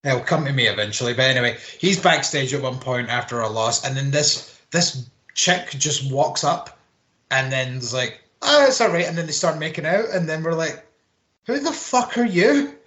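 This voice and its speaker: A man's voice: mid-range voice, moderate pace, sharp tone. A man co-hosting a casual podcast chat, ranting with plenty of swearing and mocking put-on quotes. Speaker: podcast co-host. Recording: roomy echo.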